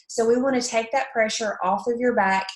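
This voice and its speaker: A woman's voice: a little high, fairly quick. A chatty woman from Alabama with a Southern accent, giving a casual, upbeat training talk with plenty of fillers. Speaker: network marketing presenter. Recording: echoey room.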